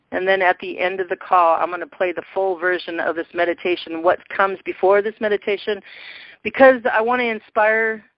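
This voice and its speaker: A woman's voice: lowish voice, dry recording. A woman hosting a spiritual call-in show and guiding listeners, talking in an effusive way with laughs and exclamations. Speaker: host. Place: teleconference call. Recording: dull lo-fi call recording.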